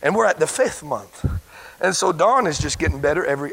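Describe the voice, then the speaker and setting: A man preaching a sermon as pastor, stumbling over repeated words and breaking into shouted exclamations. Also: fairly high pitch, animated, brisk, vocal fry. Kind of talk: sermon with a healing testimony.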